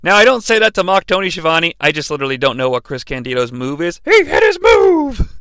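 A man's voice: on the high side, steady tone, fast talker, sharp tone, smooth, no echo. A man hosting a podcast, rambling through a comedic wrestling booking monologue with self-deprecating asides. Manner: rambling, self-deprecating, acts out quotes in voices. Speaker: podcast host.

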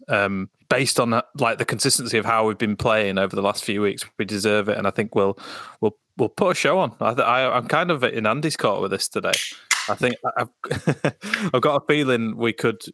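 A man's voice: fairly low pitch, moderate pace, fairly bright tone, no echo. Upbeat English man, dry close sound. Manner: upbeat, laughs often, stumbling restarts. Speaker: podcast co-host. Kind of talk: casual chat.

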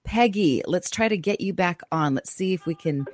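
A woman hosting a call-in radio show, effusive and quick to react with gasps and exclamations. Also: lowish voice, animated, a little hiss or hum.

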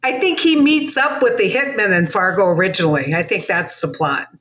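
A woman's voice: mid-range voice, a little fast, crowd noise. A middle-aged woman from North Dakota with an Upper Midwest accent, chatting as a guest and laughing easily. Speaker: guest, former senator. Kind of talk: casual chat.

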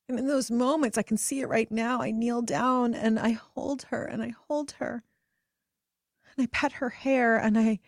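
Gentle woman host, soft whispers. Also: fairly high pitch, no room sound, studio quality. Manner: gentle, slows to soft whispers at tender moments. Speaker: podcast host and coach. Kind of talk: guided reflective talk.

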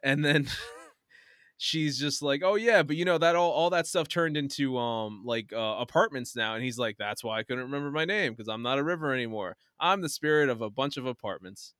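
A man casually retelling an animated film to friends, acting out the characters' lines with laughs and fillers. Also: medium pitch, moderate pace, clear, resonant tone, no room sound, studio quality. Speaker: podcast host retelling a film. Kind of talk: casual chat.

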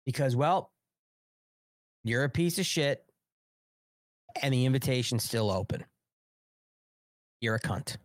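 A man's voice: mid-range voice, animated, slow, pauses often, no echo, clean studio sound. A man in his forties hosting a live political show, talking in an unfiltered, profane and angry rant. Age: 40s. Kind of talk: live online political commentary.

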